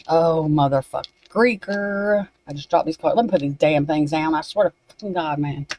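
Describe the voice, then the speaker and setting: A woman's voice: low-pitched, normal speed, hardly any pauses, a little mellow, slight background noise, low-quality recording. Scattered, swearing woman card reader. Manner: scattered, swearing, talking to herself. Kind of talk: casual livestream chat. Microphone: desk microphone.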